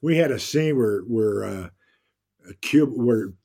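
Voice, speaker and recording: Older male guest, chatty storyteller, mid-pitched voice, acts out quotes. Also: unhurried, creaky, husky. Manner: animated anecdote-telling, acts out quotes, frequent laughter. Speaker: guest actor. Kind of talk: casual interview storytelling.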